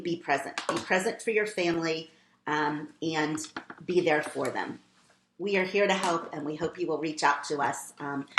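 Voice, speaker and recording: Low-voiced woman giving calm parenting advice. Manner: steady, directive, list-like advice. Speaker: parenting educator. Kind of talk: live-streamed advice talk. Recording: echoey room, faint background noise.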